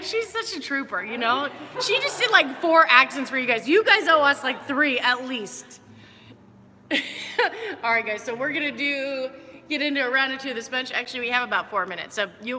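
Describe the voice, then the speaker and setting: A woman's voice: sits high, pushed and bright, long reverb tail, a little hiss or hum. A woman fitness coach giving upbeat, chatty movement cues during a live workout.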